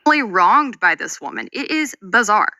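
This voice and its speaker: A woman's voice: medium pitch, very animated, normal speed, bright, forceful tone, dry recording. A woman commentator speaking with indignant disbelief as she reads out online comments. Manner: indignant, incredulous. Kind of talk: video commentary.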